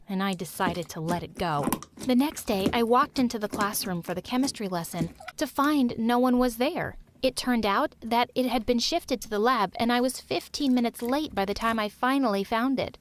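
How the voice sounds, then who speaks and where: A woman narrating a first-person story in a lively, expressive storytime style. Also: on the high side, a little hiss or hum.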